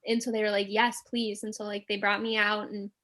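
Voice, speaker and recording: A woman guest telling a personal story in a casual interview, animated and full of filler words. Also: medium pitch, quick pace.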